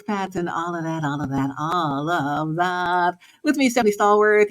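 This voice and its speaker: Woman hosting her own show, casual pep talk, animated, voice jumps up and down, laughs a lot. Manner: animated, swings pitch and loudness, laughs often. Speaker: host. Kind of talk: casual motivational monologue.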